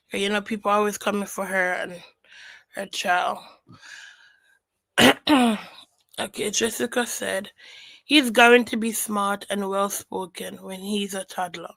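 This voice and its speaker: A woman's voice: mid-range voice, gravelly, fairly bright tone, no room sound, poor audio. A woman giving casual reaction commentary on a stream, chatting and reading out viewer comments.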